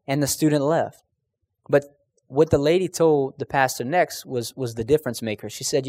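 A man preaching a conversational sermon, earnest and casual, often pausing with "um" and restarting his sentences as he tells stories and asks the room questions. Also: medium pitch, fairly even intonation, a little mellow, dry recording.

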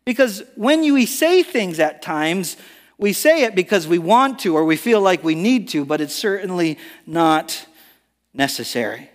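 Male pastor with a raised pitch, emphatic preaching sermon style, recorded with long church-hall reverb. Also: very animated, a little slow. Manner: earnest preaching with emphatic stresses and frequent restarts. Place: church sanctuary.

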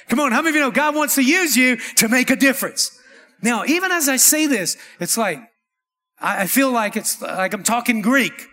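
Guy preaching, really high bright voice, big echoey church hall. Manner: preaching with call-and-response, repeated "amen" and "come on". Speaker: pastor. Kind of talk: sermon. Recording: long hall reverb.

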